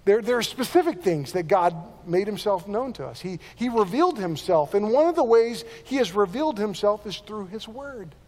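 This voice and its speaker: A man delivers an earnest sermon, his voice pitched noticeably high for a man. He often repeats and restarts words as he works through his points. The sound carries a long reverb, like a church sanctuary. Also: lively intonation, moderate pace, hardly any pauses, a little mellow. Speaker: pastor.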